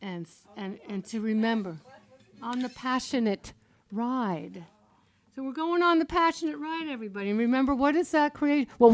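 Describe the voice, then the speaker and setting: A woman in her sixties, a minister giving an animated, storytelling sermon in a church that breaks into song. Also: a little high, no echo, clean studio sound. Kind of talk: sermon with songs. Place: church sanctuary.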